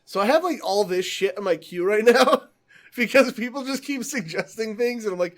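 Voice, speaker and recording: A young man with a high, bright voice hosts a casual podcast chat. He talks in an excitable, foul-mouthed rush and laughs often. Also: moderate pace. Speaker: podcast host.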